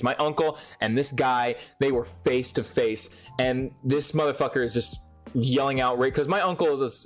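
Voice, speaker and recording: A young man talks straight into his camera, telling a story in a loose, swear-laden rush. His voice swoops up and down with lively energy. Faint music plays quietly underneath. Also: medium pitch. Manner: profane, excitable, lively storytelling. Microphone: speaking to a camera.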